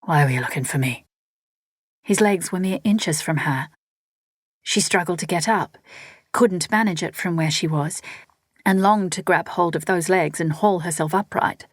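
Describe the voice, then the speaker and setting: A woman narrating a novel in a steady storytelling read. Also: on the low side, unhurried, dry recording, clean studio sound. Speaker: audiobook narrator. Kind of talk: scripted narration.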